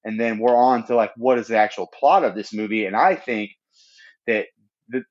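Easygoing man, slightly muffled audio. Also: medium pitch. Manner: easygoing, thinking aloud with fillers. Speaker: podcast co-host. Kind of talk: casual movie review chat.

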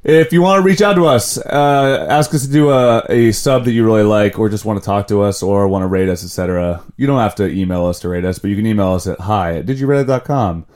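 A man's voice: lowish voice, fast, few pauses, a little mellow. A man hosting a casual podcast, talking in a rambling way and often breaking off to restart his sentences. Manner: rambling, self-interrupting. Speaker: podcast host.

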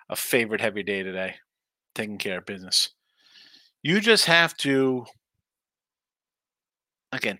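A man's voice: mid-range voice, sharp tone, no room sound. A man hosting a casual live stream about sports betting picks. He talks in a loose, rambling way, reads chat aloud, and sounds tired. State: tired, yawning.

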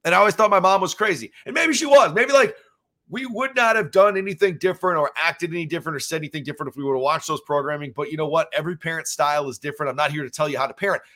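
A man's voice: fairly high pitch, rapid-fire, pushed and bright. A man hosting a solo podcast, talking casually and rambling with plenty of fillers as he shares his reactions as a father. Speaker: podcast host.

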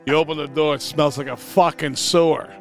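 A man's voice: fairly high pitch, fairly even intonation, normal speed, creaky, faint music behind. Laughing raunchy podcast man. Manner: loud, laughing, acts out bathroom scenes. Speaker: podcast host. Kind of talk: crude comedic banter.

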